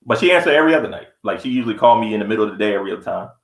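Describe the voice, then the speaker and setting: Podcast co-host, young man, quick blunt profane storyteller, roomy echo. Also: lowish voice, animated, vocal fry. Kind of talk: casual podcast chat. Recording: echoey room.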